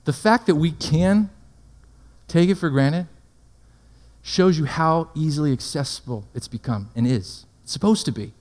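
A high-pitched male preacher delivers a sermon. He strings rhetorical questions together and keeps checking that his listeners follow. His voice rings out with long reverb, as in a large hall. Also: normal speed, a little mellow.

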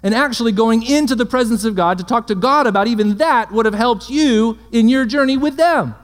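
A high-voiced male preacher talks a little fast, stringing together rhetorical questions and repeatedly checking that the audience follows. His words ring with long reverb, like in a spacious hall.

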